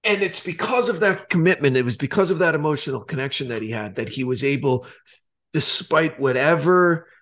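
A man co-hosting a podcast, retelling a TV scene in loose, animated chat and swearing casually. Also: a little high, a little fast. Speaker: podcast co-host.

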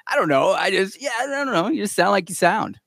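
A man from California co-hosting a casual podcast chat in a relaxed, offhand way. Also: high voice, a little fast, gravelly, no echo, clean studio sound.

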